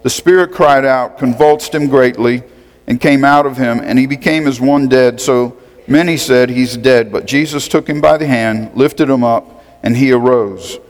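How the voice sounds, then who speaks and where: A man's voice: mid-range voice, moderate pace, long reverb tail. A man preaching a sermon as a pastor, reading scripture and talking conversationally, asking the congregation questions.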